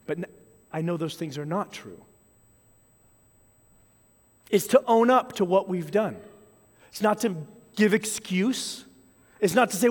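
Earnest high-voiced male preacher. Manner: earnest, measured, quoting sample apologies and prayers. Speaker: pastor. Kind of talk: sermon. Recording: long hall reverb.

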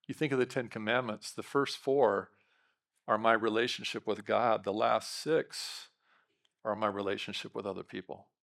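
A middle-aged male pastor preaching a lively sermon, bantering with the congregation and asking them questions. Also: mid-range voice. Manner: lively, talks with the congregation, quick asides.

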